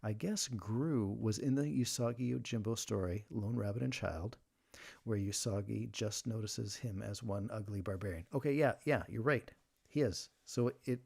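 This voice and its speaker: Gravelly-voiced man hosting a casual livestream. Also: medium pitch, a little mellow. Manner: chatty, reads jokes aloud while sleeving cards. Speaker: livestream host. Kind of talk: casual livestream chat and joke reading.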